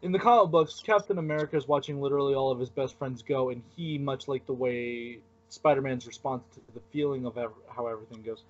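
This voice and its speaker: A man hosting a podcast, chatting casually and telling stories with lively, laughing energy. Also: mid-range voice, quick pace, hardly any pauses. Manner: animated, laughing storyteller. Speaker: podcast host. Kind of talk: casual chat. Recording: dull lo-fi audio.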